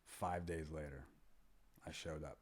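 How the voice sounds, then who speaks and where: A man in his fifties with a low, husky voice spins loose, rambling anecdotes as an interview guest. When he quotes someone, his voice sinks to a hushed near-whisper before picking back up. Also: fairly even intonation, measured pace. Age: 50s. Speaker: guest, MMA fighter and trainer. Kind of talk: casual interview storytelling.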